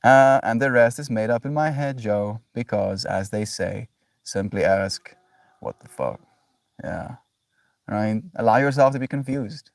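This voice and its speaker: A man's voice: medium pitch, normal speed, no room sound, distant mic. A man on a casual livestream, musing about spirituality in a reflective, affectionate way, often checking in with "right?". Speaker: daily livestreamer.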